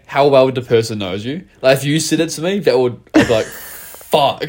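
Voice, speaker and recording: A man casually chatting on a podcast, swearing freely and acting out quotes with sudden loud outbursts. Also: on the high side, unhurried, husky. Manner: animated, swears a lot, acts out quotes in loud voices. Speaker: podcast co-host. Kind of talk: casual chat.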